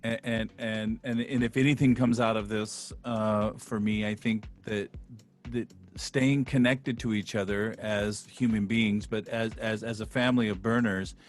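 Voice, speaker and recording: A man with a low voice talks over a video call in the smooth style of a radio DJ. He speaks haltingly and from the heart, with faint music behind him. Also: steady tone. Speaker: guest. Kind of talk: casual chat on a video call.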